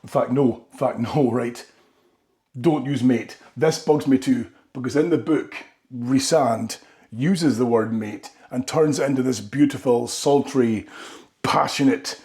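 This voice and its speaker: Guy, comic monologue, rambly, keeps checking in with "right?", mid-pitched. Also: measured pace, warm tone. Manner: rambling, tags lines with "right?". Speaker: comedy vlogger. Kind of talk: comedic monologue.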